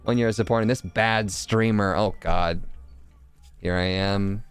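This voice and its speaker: Brief: man, live game streamer, playful banter with chat, clean smooth voice. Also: on the low side, unhurried, soft background music. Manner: jokey, animated, chatting with viewers. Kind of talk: casual live game commentary.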